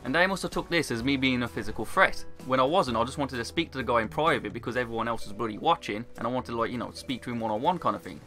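A young British man telling a story in a casual, sweary, animated way. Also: medium pitch. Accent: British English. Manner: brisk, animated, sweary retelling. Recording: faint background music.

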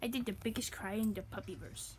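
A woman voicing a silly, boastful young puppy who talks through a game, giddy and bragging, jumping between shouts and whispers. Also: medium pitch, fairly even intonation, a little fast, close to an everyday voice. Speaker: channel host. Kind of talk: gameplay commentary in character.

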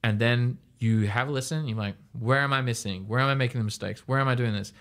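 A young man from Australia talks through a singing lesson in a loose, rambling way. He laughs often and sidetracks a lot, and his voice sits at a middle pitch. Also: fast talker, a bit bright. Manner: rambling, chatty, laughs often, mimics reactions in a high squeal. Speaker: music coach. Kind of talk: casual video lesson.

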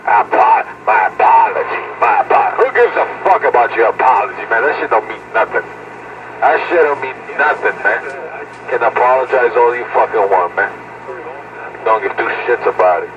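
A man's voice: lowish voice, lively intonation, moderate pace. A man trash-talking and hurling insults over a CB radio from a truck cab. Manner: profane, taunting, shouting insults. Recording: dull lo-fi radio with loud static.

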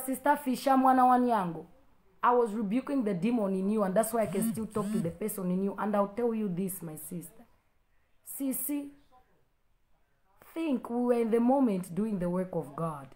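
A woman's voice: medium pitch, moderate pace, pauses often, a little mellow. A woman pastor with an African accent, preaching and confronting a critic with a string of rhetorical questions. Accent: African English. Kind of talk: preaching to a live stream.

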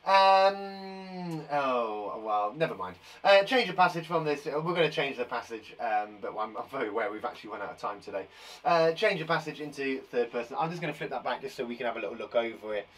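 A young British man who is a primary school teacher, giving a lively, encouraging online lesson to young children, with playful asides. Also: medium pitch, fairly quick. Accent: British English.

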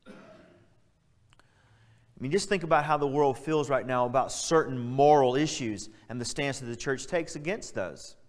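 A man's voice: medium pitch, normal speed, long pauses. A male pastor preaching a sermon, earnest and emphatic, stressing key words as he builds his point. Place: church sanctuary. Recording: church hall reverb.

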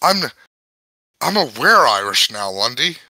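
A man's voice: mid-range voice, big pitch swings, a little slow, sharp tone, no echo, low-quality recording. A man reading a difficult book aloud on a casual podcast, stumbling over words, exasperated and swearing.

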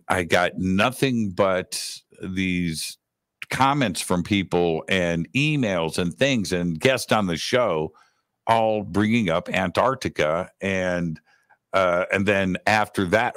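A man's voice: low voice, lively intonation, slow, fairly bright tone, no room sound, studio quality. A man co-hosting a live talk show, chatting casually and rambling with lots of fillers. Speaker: radio host, co-host.

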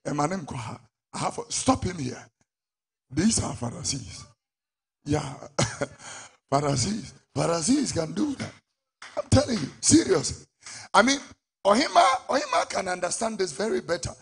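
A middle-aged man with a Ghanaian English accent, preaching a sermon as a prophet, with sudden shouted peaks. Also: high-pitched, sing-song, a little slow, vocal fry, pauses often, slightly rough.

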